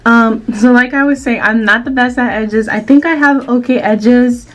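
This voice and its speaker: A woman vlogger narrates a hair tutorial in a loose, chatty way. Her voice sits a little high, and she scatters fillers as she goes. Soft music plays faintly underneath. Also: fairly even intonation, moderate pace. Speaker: beauty vlogger.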